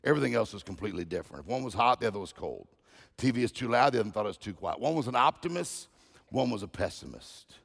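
A man's voice: fairly low pitch, expressive, fast talker, creaky. A man giving a guest sermon on gratitude, telling jokes and personal stories and often repeating phrases. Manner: joking, anecdotal, repeats phrases. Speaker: guest speaker. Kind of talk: humorous sermon storytelling.

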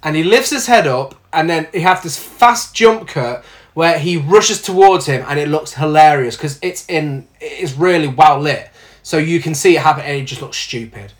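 A man's voice: a little high, normal speed. Male co-host, sarcastic film critic, swears freely, conversational. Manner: blunt, sarcastic, swears often. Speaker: podcast co-host reviewing films. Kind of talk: casual film review chat.

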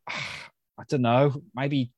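A man co-hosting a podcast, reading listener messages and rambling enthusiastically, often trailing off softly. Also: medium pitch, flat delivery, extremely slow, no echo. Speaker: podcast co-host.

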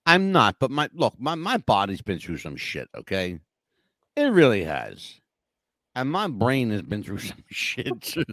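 A man's voice: mid-range voice, wildly swooping pitch, unhurried, a bit bright, dry recording. A man in his sixties hosting a podcast, talking in a laid-back, teasing way. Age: 60s. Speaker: podcast host. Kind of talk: casual chat.

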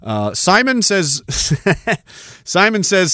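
A man's voice: a little high, expressive, fairly quick, a bit bright, dry recording, clean studio sound. A tired man hosting a podcast, rambling sarcastically in casual chat as he reads out viewer comments. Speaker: podcast host.

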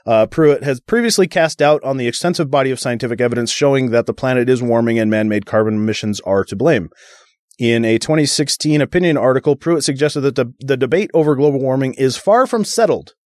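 A man's voice: medium pitch, brisk, a little mellow, dry recording. Sarcastic man reading news, dry sound. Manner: sarcastic, reads news aloud with jokes. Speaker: podcast co-host. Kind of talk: casual podcast banter.

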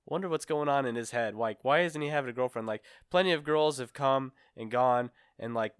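A man's voice: mid-range voice, a little fast, clear, resonant tone, dry recording, studio quality. A man on a casual podcast, rambling through a funny story and laughing often. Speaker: podcast co-host.

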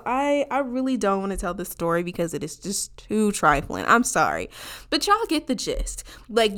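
Bright-voiced woman telling a wild story. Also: medium pitch, clear, resonant tone. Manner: animated, profane, emphatic, addresses viewers as y'all. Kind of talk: casual storytime monologue.

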